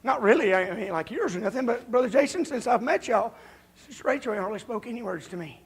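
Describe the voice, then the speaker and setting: A man preaches at a church revival with a high, husky voice. He talks in a folksy, confrontational way, calling out his listeners and climbing into shouts. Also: expressive, quick pace. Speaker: visiting preacher. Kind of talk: revival sermon. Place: church during a revival service.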